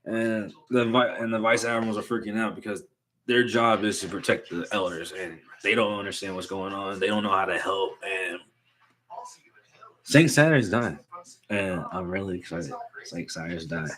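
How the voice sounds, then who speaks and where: A young man casually recapping a manga chapter, excitable and slangy, reading out the characters' lines as he goes. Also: deep voice, moderate pace, rough recording.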